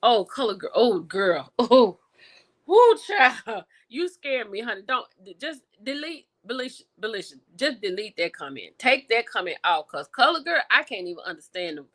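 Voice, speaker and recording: A woman hosting a livestream, chatting casually with her viewers and reacting with lively exclamations. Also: fairly high pitch, normal speed. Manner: animated and expressive, with exclamations; talks to viewers directly, reading and answering chat. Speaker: livestream host reviewing TV and film.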